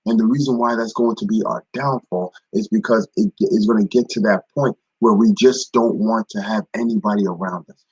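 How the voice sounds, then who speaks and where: Man, husky voice, lowish pitch, informal devotional talk, repetitive phrasing. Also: fairly even intonation, fairly quick, darkish tone, dry recording, lo-fi sound. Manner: informal, repeats phrases, greets viewers by name. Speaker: ministry speaker. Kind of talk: live-streamed devotional talk.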